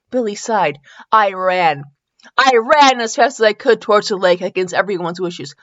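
Animated woman reading fanfiction aloud. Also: mid-range voice, normal speed, no room sound. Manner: animated, breaks into laughter and mock outrage. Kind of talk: comedic dramatic reading with commentary. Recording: dull lo-fi dry recording.

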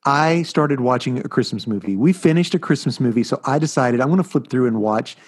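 A middle-aged man co-hosting a casual chat podcast, telling stories in an animated, rambling way. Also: mid-range voice, fairly quick. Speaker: podcast co-host.

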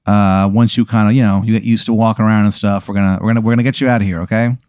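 A man's voice: fairly low pitch, fairly even intonation, very fast, a little mellow, smooth, no echo, studio quality, lightly acted. A man playing an oily, patronizing male hospital doctor who talks down to his patient. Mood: smarmy.

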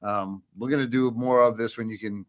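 A man hosts a podcast from a studio, chatting casually and cracking jokes with his guests. His voice sits in an ordinary middle pitch. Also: brisk. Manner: joking, animated banter. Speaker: podcast host. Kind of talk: casual chat.

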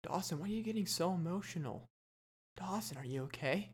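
Teasing made-up co-host, voiced by the host himself, quick needling questions. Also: male voice, fairly high pitch, sharp tone.

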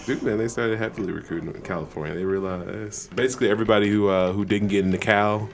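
A man who once played college football, talking fast in a somewhat low voice. His remarks are quick and wry. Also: fairly even intonation, gravelly, a little hiss or hum. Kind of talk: casual chat.

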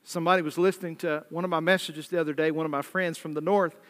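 A man with a Southern American accent preaches an evening sermon, moving easily between reading scripture and talking plainly to his congregation. His voice sits high for a man. The sound carries a long, lingering reverb, like a large church sanctuary. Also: steady tone, fast, a bit bright. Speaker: pastor.

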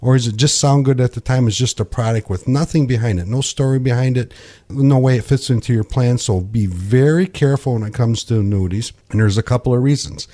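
A middle-aged man speaks as a financial coach on a radio talk show. He explains in a conversational way and often restarts his phrases. His voice is mellow and warm. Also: medium pitch, fairly quick.

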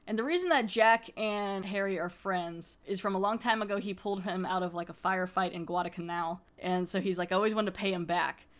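A woman's voice: mid-range voice, a little fast, few pauses. A woman hosting a podcast, recapping a horror episode in a rambling, chatty way and laughing often. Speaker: podcast host.

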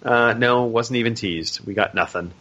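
Bright-voiced chatty male podcast host. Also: medium pitch, normal speed, lo-fi sound. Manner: chatty, rambling with fillers. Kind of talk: casual podcast chat.

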